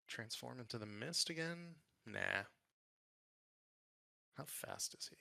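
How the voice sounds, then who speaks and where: A man's voice: mid-range voice, creaky, bright, forceful tone, dry recording. A man running a tabletop game as game master, thinking aloud in a casual, hesitant way.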